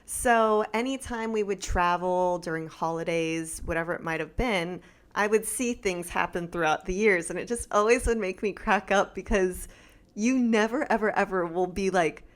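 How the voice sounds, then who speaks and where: A woman in her thirties co-hosting a casual show, lively and teasing as she chats with her husband. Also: medium pitch. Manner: lively, teasing, quick to laugh. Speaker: podcast co-host. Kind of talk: casual chat.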